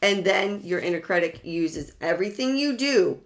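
A woman's voice: medium pitch, expressive, normal speed. A woman speaker in a self-help talk, earnest and direct. She circles back on key words and keeps asking her listeners questions before answering them herself. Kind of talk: motivational talk to an audience.

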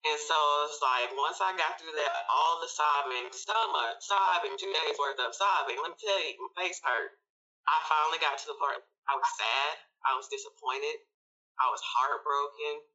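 Guy telling a story, super animated, acts out his old lines, kinda far from the mic and muffled. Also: moderate pace. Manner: animated, acts out his own past lines with big pitch jumps. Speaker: guest. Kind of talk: personal storytelling in casual chat. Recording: dull lo-fi audio, a bit far from the mic.

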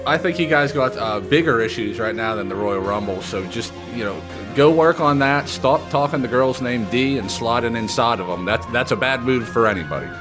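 A man in comedy sketch banter, talking in a halting, hesitant, laid-back way. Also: mid-range voice, lively intonation. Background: music.

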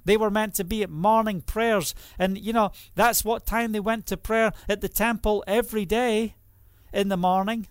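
Man preaching, high voice, rhetorical questions, dry close sound. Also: steady tone, normal speed, clear, resonant tone, dry recording. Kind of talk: sermon.

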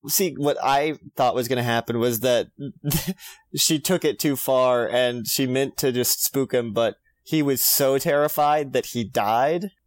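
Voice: medium pitch, unhurried, dry recording. A co-host in a casual chat show, talking in a laid-back way, laughing often and swearing freely. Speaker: podcast co-host.

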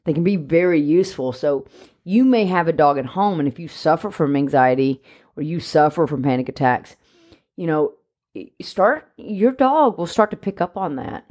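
A woman who trains dogs, talking casually on a podcast and explaining her ideas through steady, talkative examples. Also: sits low, moderate pace. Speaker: dog trainer.

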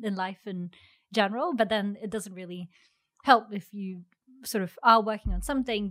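A woman startup founder answering interview questions thoughtfully, pausing with fillers and restarting sentences. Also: medium pitch, fairly bright tone.

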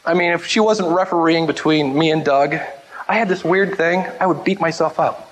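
High-voiced man telling lively, funny stories. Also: normal speed, very noisy. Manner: animated, humorous, acts out voices in anecdotes. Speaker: speaker sharing memories of his mother. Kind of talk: storytelling talk to a live audience.

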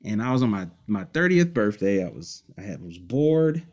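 A man from Detroit, a musician guest, telling childhood memories in a relaxed, rambling interview, with many fillers and short laughs. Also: on the low side, normal speed. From Detroit, United States. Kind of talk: casual storytelling interview.

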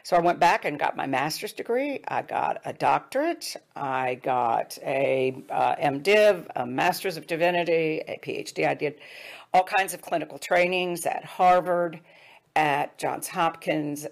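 Low gravelly-voiced woman telling her story. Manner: earnest, drops to hushed tones for quoted advice. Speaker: speaker. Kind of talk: personal storytelling talk.

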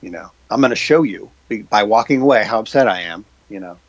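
A man's voice: lowish voice, lively intonation, fairly quick, no echo. A man talking as a guest in an interview, explaining his ideas with many fillers and acting out quoted reactions. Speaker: guest, purpose coach. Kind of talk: conversational interview. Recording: dull dry lo-fi sound.

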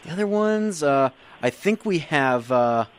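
A man's voice: fairly high pitch, expressive, unhurried, noisy background. A man co-hosting a radio show, joking and rambling with a lot of fillers. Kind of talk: playful radio show banter.

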